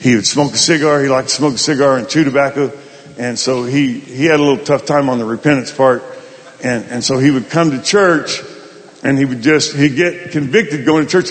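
A male pastor telling a folksy, animated story in a sermon. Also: mid-range voice, in a large hall. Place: large hall at a summit.

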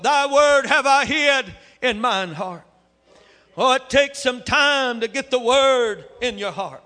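A man preaching a sermon with fervor, his voice building up to shouts. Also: very high voice, expressive, slow pace. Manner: fervent, rising to shouts. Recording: echoey hall with long reverb.

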